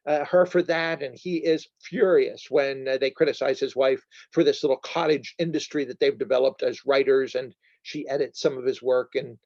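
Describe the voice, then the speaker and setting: A man's voice: on the high side, darkish tone, no echo, lo-fi sound. A man giving an informal talk as a bookseller, chatty and digressive, often correcting himself mid-sentence. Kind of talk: informal lecture. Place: church.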